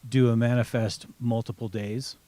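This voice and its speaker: A man's voice: mid-range voice, level tone, moderate pace, mellow, dry recording. A man guest in a casual podcast chat, rambling and restarting his sentences. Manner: rambling, lots of fillers, restarts. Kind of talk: casual conversation.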